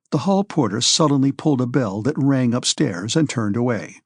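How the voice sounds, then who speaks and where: A man narrates a classic novel in a measured, steady manner, his voice sitting in an ordinary middle pitch. The recording is close and dry, with no room sound around it. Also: breathy edge, dry recording. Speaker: audiobook narrator. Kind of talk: scripted narration.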